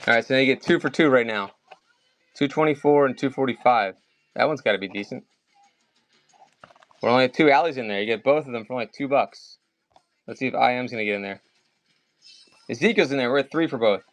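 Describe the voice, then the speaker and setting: A man's voice: mid-range voice, no room sound, faint music behind. A man with a Maryland accent hosting a casual live sale of comics, chatting and calling out bids. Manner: chatty, rambling, calls bids fast. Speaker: livestream seller. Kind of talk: casual live auction chat.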